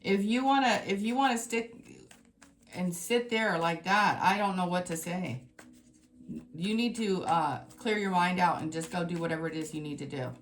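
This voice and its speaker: A woman giving a tarot reading to her viewers, talking in an emphatic, exasperated way that swings between scolding and excitement. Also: fairly low pitch, moderate pace. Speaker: tarot reader.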